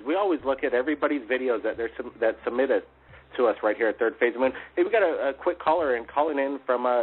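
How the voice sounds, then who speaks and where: Man, radio host, call-in show, chatty, upbeat, middle pitch, tinny narrow sound. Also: slightly rough. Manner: upbeat, chatty, many fillers. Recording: phone-like narrow audio.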